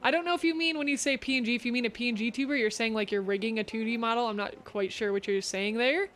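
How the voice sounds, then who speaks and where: A woman's voice: on the high side, fast, a bit bright. A woman hosting a casual creator talk stream, reading viewer questions and giving encouraging advice. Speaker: host. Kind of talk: casual chat.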